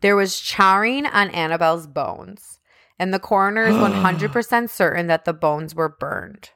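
A woman's voice: mid-range voice, moderate pace, vocal fry, fairly bright tone, dry recording, clean studio sound. A woman co-hosting a podcast, retelling a criminal case in casual chat, full of "like" fillers and indignant asides. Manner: chatty, heavy use of "like" as a filler. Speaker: podcast co-host. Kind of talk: casual true-crime chat.

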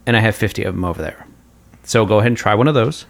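A man's voice: very fast, gravelly. A man playing a pushy snobbish chocolate expert. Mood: smug. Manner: pushy, boastful, breaks into high laughs. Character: snobbish male chocolate connoisseur, pushy and boastful. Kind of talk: improvised comedy sketch.

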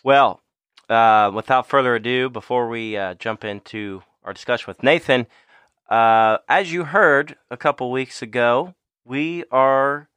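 A man's voice: mid-range voice, measured pace, fairly bright tone, smooth, no echo. A man co-hosting a podcast, upbeat and promotional as he chats and plugs sponsors. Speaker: podcast co-host. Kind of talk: casual chat with ad reads.

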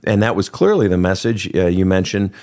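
A man's voice: deep voice, expressive, brisk, darkish tone. A man hosting a counseling show, speaking bluntly and swearing casually as he questions his guest. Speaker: counselor host. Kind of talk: counseling conversation.

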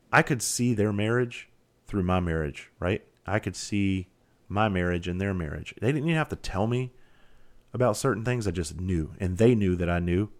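A middle-aged man hosting a podcast, talking candidly and profanely as he tells stories from his firefighting life. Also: deep voice. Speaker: podcast host, former firefighter. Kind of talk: casual podcast monologue.

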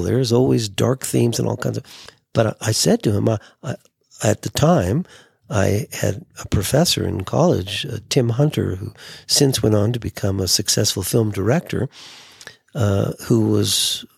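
Older male podcast host, gravelly and husky, dry close sound, lively storyteller who does the voices. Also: fairly low pitch, no room sound. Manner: animated storyteller acting out quoted voices.

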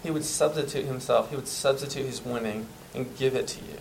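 A man's voice: mid-range voice, a little fast, vocal fry, hardly any pauses, a little hiss or hum, low-quality recording. Earnest preacher man. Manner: earnest, emphatic, drops to soft tones for tender passages. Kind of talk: sermon.

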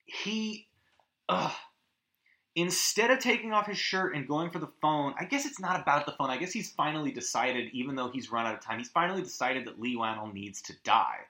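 Brief: male podcast host, lively pitch, bright tone, echoey room, casual recap. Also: brisk. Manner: animated, swearing, acts out scenes with yelps and hummed music.

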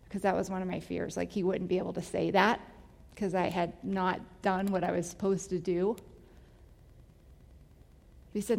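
A woman's voice: fairly low pitch, flat delivery, moderate pace, creaky, long pauses, a little mellow. A woman giving a personal testimony, telling her story in a candid, emotional way. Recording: long hall reverb.

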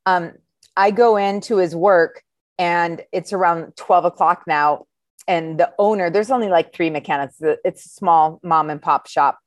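Animated woman telling a story, dry sound. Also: measured pace, no room sound. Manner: animated, acts out quoted voices with a high exclaiming tone. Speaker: podcast guest telling a story; schoolteacher. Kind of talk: casual storytelling chat.

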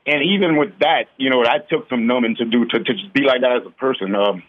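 A man's voice: medium pitch, quick pace. A middle-aged man from South Louisiana with a Cajun accent, telling his story plainly and candidly as a guest on a radio show. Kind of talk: radio interview testimony. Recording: phone line.

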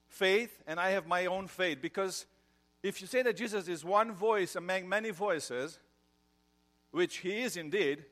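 A man's voice: high voice, fairly bright tone. Man preaching a conversational sermon. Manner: conversational, with fillers and joke telling. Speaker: pastor.

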